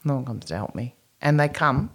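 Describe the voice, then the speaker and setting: Casting note: woman, very low voice, swinging pitch, animated casual storyteller. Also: brisk. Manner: lively storytelling with frequent restarts and acted quotes. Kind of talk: casual chat.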